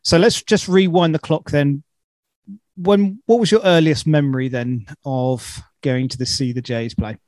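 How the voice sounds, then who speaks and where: A man's voice: on the high side, measured pace, a little mellow, dry recording. A man hosting a casual interview, chatty and enthusiastic, often repeating words as he starts a thought. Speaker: podcast host.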